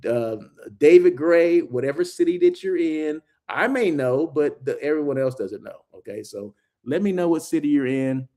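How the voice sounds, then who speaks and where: A man's voice: on the high side, expressive, normal speed, dark tone. A man hosting a casual live check-in, chatting loosely and thanking viewers by name. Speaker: host of a daily live check-in show.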